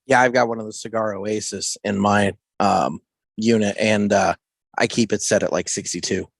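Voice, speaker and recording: A man's voice: on the low side, fairly even intonation, normal speed, vocal fry, no room sound, studio quality. A man co-hosting a casual podcast chat, easygoing and a bit scattered.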